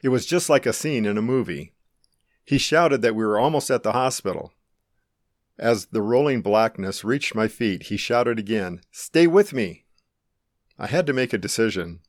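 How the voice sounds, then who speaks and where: Low-ish guy calmly telling his own story, earnest, reflective, very dry sound. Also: moderate pace, no room sound. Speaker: narrator. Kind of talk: first-person testimony narration.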